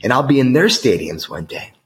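A man's voice: medium pitch, sing-song, a little fast. A middle-aged man from the United States telling a personal story as an interview guest, emotional, earnest and emphatic. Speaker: guest author.

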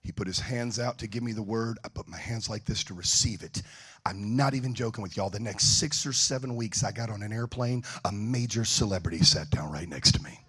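A man preaching a sermon, telling funny stories in an animated, joking way. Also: lowish voice, fairly quick, husky. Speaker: evangelist. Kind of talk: sermon storytelling.

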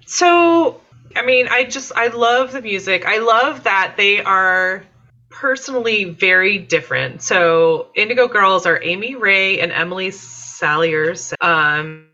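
A woman chats casually on a podcast in a low but bright voice. She talks with plenty of fillers and laughs now and then. The audio sounds slightly muffled. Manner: chatty, laughing, many fillers. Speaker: podcast guest.

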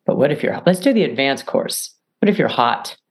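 A woman author as a podcast guest, talking in an emphatic, animated way and acting out little dialogues. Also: rumbling low, moderate pace, husky. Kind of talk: podcast interview.

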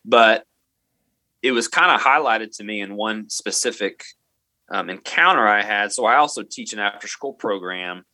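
Interview guest, male teacher, lowish bright voice, earnest and halting, dry close sound. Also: dry recording. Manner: earnest, halting, many restarts and fillers. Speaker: middle school math teacher, interview guest. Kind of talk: storytelling in a podcast interview.

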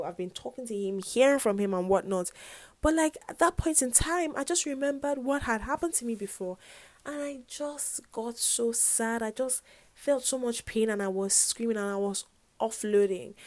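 A woman's voice: a little high, darkish tone, dry recording. Earnest young woman, dry close sound. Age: young adult. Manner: earnest, reflective, rambling with many "like" and "whatnot". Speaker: university student vlogger. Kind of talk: personal faith vlog, casual confessional talk.

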